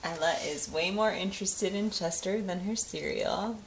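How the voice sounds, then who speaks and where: Filming her baby being fed at home, a woman coos at the baby and the dog in a sing-song baby voice with frequent laughter. Her voice is lowish and gravelly at normal speed, and the room echoes with faint noise.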